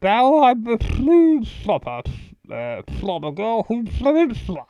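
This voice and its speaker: Blunt teasing best friend. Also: female voice, on the high side, huge pitch swings, a little slow, no echo, muffled recording, heavily acted. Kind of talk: game voice acting.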